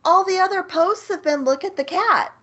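A woman co-hosting a podcast, chatting casually about a movie, laughing often and chiming in with quick replies. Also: very high-pitched, fairly bright tone. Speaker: podcast co-host. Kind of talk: casual movie recap chat. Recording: dull lo-fi sound.

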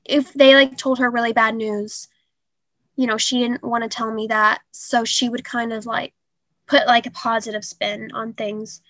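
A young woman telling a painful personal story in an interview, halting and earnest with many fillers. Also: a little high, flat delivery, fairly bright tone, no room sound. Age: young adult. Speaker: guest.

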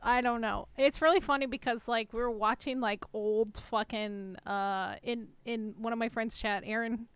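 A woman's voice: on the high side, fairly even intonation, normal speed, few pauses, smooth, no room sound. A young woman co-hosting a stream, chatting casually with a playful, profane, joking manner. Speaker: streamer co-host. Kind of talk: casual chat.

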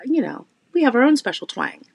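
A woman with a South Jersey accent co-hosting a podcast, telling stories in a chatty, animated way. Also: a little high, brisk, gravelly, slightly rough. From South Jersey, USA. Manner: animated, laughing, self-correcting storyteller. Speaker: podcast co-host. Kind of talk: casual chat.

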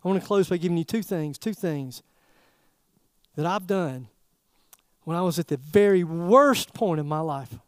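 A man preaching a sermon in a folksy, animated way, throwing rhetorical questions at the congregation. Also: fairly high pitch, moderate pace, clear, resonant tone, dry recording, clean studio sound. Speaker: pastor.

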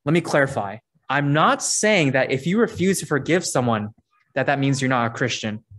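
A man's voice: medium pitch, animated, moderate pace, fairly bright tone. A man preaching a sermon, earnest and conversational, reading scripture verses aloud between his points. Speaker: pastor.

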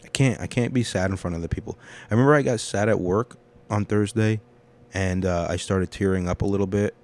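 A man's voice: sits low, brisk. Profane rambling man hosting a podcast. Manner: candid, profane, rambling, swings between loud rants and quiet confessions. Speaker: podcast host. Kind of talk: casual solo podcast monologue.

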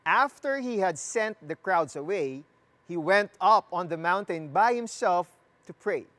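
A preacher delivers a sermon at an unhurried, measured pace. The voice sits at a middle pitch, and the delivery leans on repeated phrases. Questions are put straight to the listeners, with a light, joking touch. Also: expressive, a bit bright. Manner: asks the listeners questions and jokes with them. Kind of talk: sermon with scripture reading.

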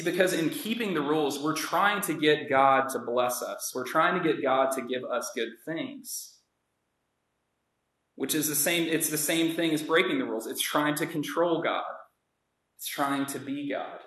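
A man's voice: a little high, fairly bright tone, echoey room, low-quality recording. A man preaching a sermon in an earnest, conversational way, acting out the voices of the story's characters. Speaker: pastor.

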